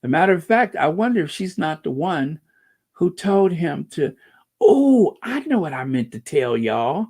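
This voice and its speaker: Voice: medium pitch, sing-song, normal speed, a little mellow, slightly rough. A channel host giving casual commentary and reading out viewer comments, drawling and sarcastic with playful wordplay asides.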